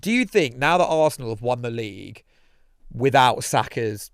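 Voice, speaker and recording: Gravelly guy, jokey podcast chat. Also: mid-range voice, animated, normal speed, no echo, studio quality. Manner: jokey, swears freely, self-mocking. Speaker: podcast co-host. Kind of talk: casual chat. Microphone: podcast studio mic.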